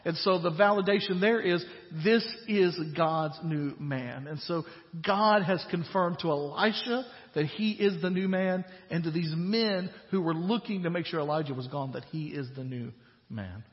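A pastor preaches a sermon in a slightly high voice, retelling scripture in plain, conversational paraphrase and pressing his points with growing emphasis. His voice rings with a long reverb, as if it fills a large hall. The recording is dull and lo-fi. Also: normal speed.

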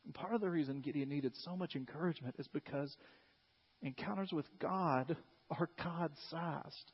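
A pastor preaching a sermon, animated and conversational, retelling scripture and acting out its figures in asides. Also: male voice, fairly high pitch, normal speed, slightly rough. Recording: long hall reverb, dull lo-fi sound.

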